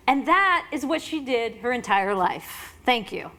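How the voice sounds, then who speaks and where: A woman in her forties interviewing on stage at an awards event, an animated storyteller who laughs often. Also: on the high side, measured pace, hardly any pauses, background noise.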